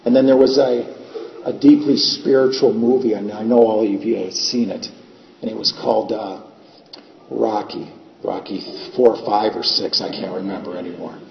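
A plainspoken male preacher delivers his sermon in a church with a long, ringing echo. The recording is dull and lo-fi, with a faint hiss underneath. His voice sits at a middling pitch. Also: fairly even intonation, moderate pace, creaky. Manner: plainspoken, homely examples, repeats phrases. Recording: echoey hall, dull lo-fi sound, faint noise.

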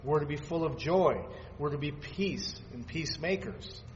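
A man's voice: on the high side, normal speed. Fervent male preacher in a reverberant hall. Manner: swings between fervent loud peaks and quiet asides; reads scripture aloud in old-fashioned phrasing. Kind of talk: sermon. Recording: dull lo-fi sound with long hall reverb and faint background noise.

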